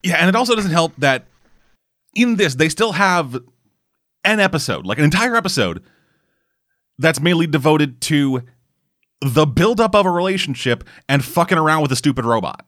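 A man co-hosting a casual podcast, ranting with heavy swearing in an animated way. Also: a little high, normal speed, pauses often, no room sound, clean studio sound. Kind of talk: casual chat.

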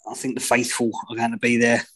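A man chatting on a casual football podcast, halting and stammering at the start of his sentences. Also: mid-range voice, monotone, fairly bright tone. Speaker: podcast guest.

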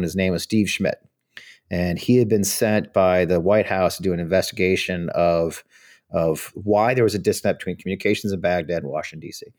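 A man's voice: deep voice, darkish tone. A middle-aged American man telling blunt, profane stories as a podcast guest. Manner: fast, blunt anecdotes with swearing and laughter. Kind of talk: storytelling in a podcast interview.

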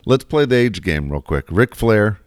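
A man's voice: fairly low pitch, lively intonation, normal speed, no room sound. Middle-aged man with dry studio sound. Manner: loose, profane, laughs easily. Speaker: radio host. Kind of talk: casual sports radio banter.

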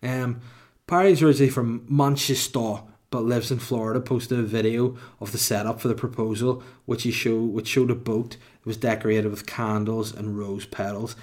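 A man in his thirties hosts a solo comedy podcast. He rambles and throws in irreverent, sweary asides at a middle pitch. His delivery is loose and unscripted. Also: steady tone, moderate pace, few pauses, darkish tone.

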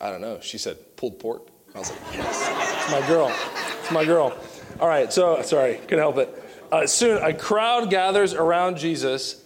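A man in his thirties, a youth pastor, preaching a sermon with animated, joking asides. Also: medium pitch, a little hiss or hum.

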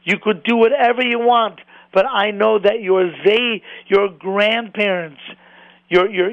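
Brief: high-pitched male rabbi, fervent sermon delivery, dry close sound. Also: dry recording, phone-quality sound. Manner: fervent, repeats words, rises in pitch when stirred. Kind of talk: impassioned sermon.

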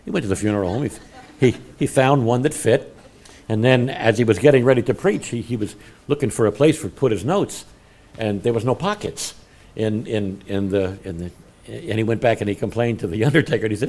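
A man's voice: fairly low pitch, expressive, fairly quick, a little mellow. A man preaching a sermon, telling stories with animation and laughing at his own jokes. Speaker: pastor.

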